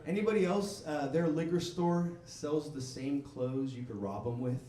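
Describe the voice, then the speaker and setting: High-voiced profane stand-up comedian man. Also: normal speed. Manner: rambling, profane, laughing through his lines; talks to the crowd. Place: comedy club stage. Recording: echoey room recorded from a distance. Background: laughing crowd.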